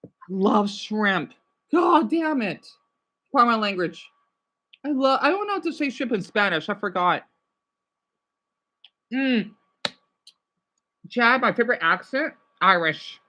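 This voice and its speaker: Woman streamer, slightly high voice, loose rambling chat with her audience. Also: lively intonation, measured pace, long pauses, bright, forceful tone. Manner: rambling, restarts and self-corrections. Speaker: livestream host. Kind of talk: casual chat with viewers.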